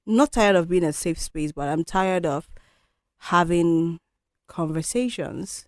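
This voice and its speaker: A woman's voice: lowish voice, unhurried, a little mellow, no echo, studio quality. A woman hosting a solo podcast, talking in a candid, reflective, conversational way. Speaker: podcast host.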